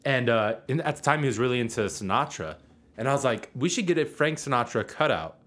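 A man's voice: medium pitch, lively intonation, fairly quick, fairly bright tone. A young man co-hosting a podcast, chatting casually and telling a funny story, laughing through it and swearing freely. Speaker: podcast co-host.

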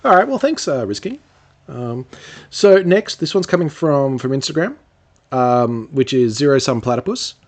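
A man's voice: medium pitch, sing-song, normal speed, darkish tone. A man co-hosting a casual podcast, rambling through answers with fillers and restarts. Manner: rambling, lots of fillers and restarts, laughs easily. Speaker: podcast co-host. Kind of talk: casual chat.

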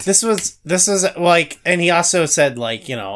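A man's voice: a little high, expressive, normal speed, fairly bright tone, a little hiss or hum. A man co-hosting a podcast in casual chat, rambling and hesitant, filling his talk with "like". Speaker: podcast co-host.

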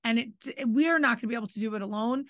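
A woman with a fairly high voice chats casually on a restaurant podcast. She chimes in often and picks up her co-host's lines. The recording is dry and close-miked. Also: very fast, a bit bright, dry recording. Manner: conversational, chiming in and finishing his sentences. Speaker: podcast co-host, restaurant owner. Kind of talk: casual chat.

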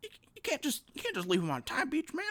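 A man doing an impression of an elderly male politician, with a soft, breathy, rambling old-man delivery. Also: very high-pitched, wildly swooping pitch, quick pace, no echo, voice pushed up, heavily acted. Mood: scolding.

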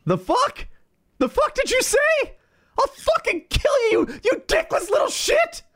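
A man's voice: extremely high pitch, wildly swooping pitch, measured pace, a bit bright, voice pushed up, full character voice. A man playing a screaming, sobbing America. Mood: enraged, weepy. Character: hysterical man playing America, furious and tearful.

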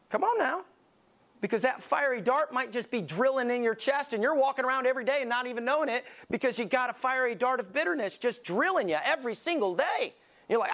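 A man's voice: very high voice, fairly bright tone. A man preaching a sermon as lead pastor, emphatic and conversational, telling vivid stories to drive his point home.

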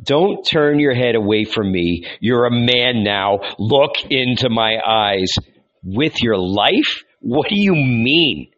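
A man's voice: medium pitch, animated, slow pace, fairly bright tone, dull audio. A man reading aloud, voicing a fierce red-bearded zealot who bellows and scorns. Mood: gruff tenderness.

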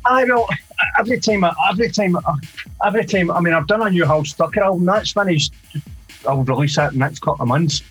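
Rambling Scottish man, fairly high voice. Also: fast talker, fairly bright tone, slightly rough, soft background music, poor audio. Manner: rambling, peppered with "mate" and "you know". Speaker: DJ and producer guest. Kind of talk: casual interview chat.

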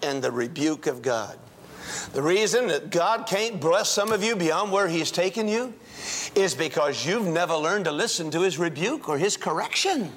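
Impassioned high-voiced older preacher. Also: male voice, expressive, normal speed. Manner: dramatic swings from hushed to shouting; storytelling, acts out dialogue. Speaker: pastor. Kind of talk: sermon. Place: church, before a congregation.

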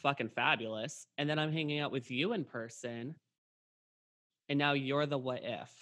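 A man's voice: medium pitch, normal speed, sharp tone. A man hosting a podcast, talking casually and rambling, with lots of "like" and re-enacted conversations. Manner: rambling, heavy on fillers and re-enacted dialogue. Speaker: podcast host. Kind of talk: casual chat.

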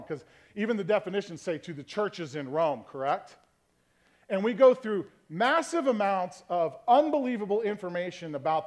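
High-voiced man preaching a sermon. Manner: conversational teaching, frequent "okay?" check-ins; varies tone to demonstrate meanings. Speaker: pastor.

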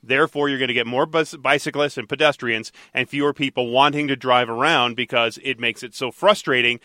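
A man hosting a talk radio show, chatting and teasing his co-host in a lively, animated way. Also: medium pitch, brisk, dry recording, studio quality. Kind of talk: casual talk radio banter.

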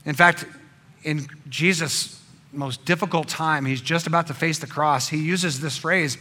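A male pastor giving a sermon, swinging between emphatic passages and hushed, intimate ones. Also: fairly high pitch, fairly even intonation, a little slow.

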